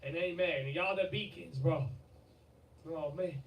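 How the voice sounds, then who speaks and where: A man hosting a livestream, excitable and swearing, with a strained, fading voice and sudden shouts and laughter. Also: a little high, a little slow, recorded from a distance. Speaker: livestream host. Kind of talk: hyped livestream chat. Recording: echoey, off-mic, with loud background noise.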